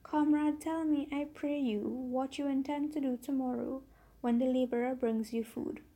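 A woman's voice: high-pitched, little pitch movement, moderate pace, warm tone, natural voice. Woman reading as a scheming old donkey. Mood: urgent. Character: scheming talkative male donkey.

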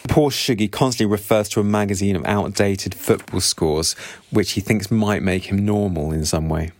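A man's voice: lowish voice, normal speed, no room sound. A man summarizing a novel chapter by chapter, with earnest, sympathetic asides. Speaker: book reviewer. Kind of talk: book summary talk.

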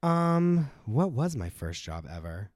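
A man from the United States in casual chat, rambling with lots of fillers and lively impressions of his mother. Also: mid-range voice, takes it slowly, no room sound, clean studio sound. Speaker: guest.

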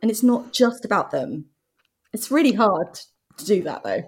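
A woman's voice: medium pitch, normal speed, slightly rough. A woman, a podcast guest, telling blunt, sweary stories in casual chat. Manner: blunt, sweary, animated storytelling.

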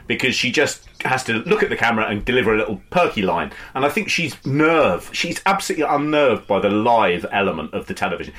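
Lively man retelling gossip. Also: on the low side, husky. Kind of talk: casual chat.

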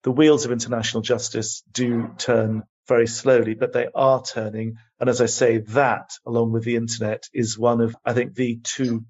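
An older man answering interview questions as a guest, telling his story in a passionate, emphatic and measured way. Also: mid-range voice, little pitch movement, darkish tone, slightly rough. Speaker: guest, human rights advocate. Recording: dull lo-fi audio.

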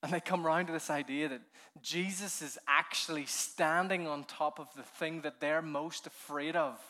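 A male preacher with a bright, ringing voice that sits a bit high. He tells the story with lively energy and laughs often, sinking to a near hush before rising again with fervor. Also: normal speed. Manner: animated storytelling, dropping to hushed tones and rising with fervor; laughs often while speaking. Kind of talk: sermon. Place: conference hall.

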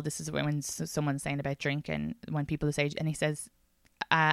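An Irish woman talks alone into a podcast microphone, rambling from one tangent to the next with plenty of swearing and jokes at her own expense. Her voice is lowish and smooth, close and dry with no room sound. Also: monotone, a little fast, a bit bright, no echo. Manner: chatty, rambling, frequent swearing and self-deprecating asides. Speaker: podcast host and stand-up comedian. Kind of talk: casual solo podcast monologue. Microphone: studio podcast microphone.

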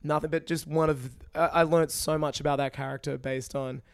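Man, podcast co-host, casual chat, excitable, swears, higher voice. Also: a little fast, smooth, no echo.

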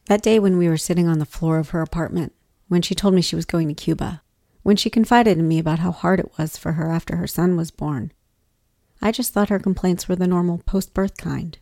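A woman narrating a personal story in a measured, reflective way. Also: on the low side, dark tone, no room sound, studio quality.

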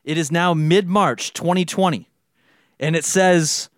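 A young man in casual chat, rambling through a movie pitch and acting out the lines of its characters. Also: measured pace, no echo, clean studio sound. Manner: rambling storyteller, acts out quotes. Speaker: podcast co-host pitching a movie idea.

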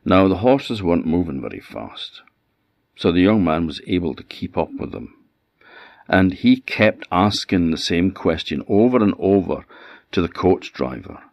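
A man with a Scottish Orkney accent telling a folktale in an expressive, unhurried way. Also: low voice, creaky, no echo, lo-fi sound. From Orkney Islands, Scotland. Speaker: storyteller. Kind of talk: folktale storytelling.

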